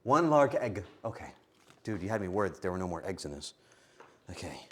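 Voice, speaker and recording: A man's voice: low-pitched, sing-song, a little fast. A man streaming a game live, talking to himself with frantic, joking commentary.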